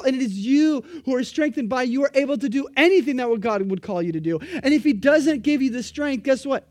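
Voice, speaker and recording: A man preaching a sermon, animated and emphatic, acting out the voices of the people he quotes. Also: extremely high pitch, no echo, clean studio sound.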